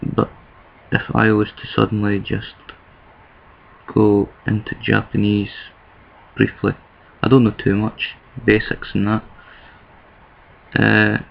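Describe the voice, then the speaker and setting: A Scottish man talks in a casual video monologue, rambling and stopping to correct himself. His voice sits low and gravelly, with hardly any rise or fall. The sound is dull and lo-fi, like a cheap home setup. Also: completely flat delivery, takes it slowly, long pauses. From Scotland. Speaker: vlogger.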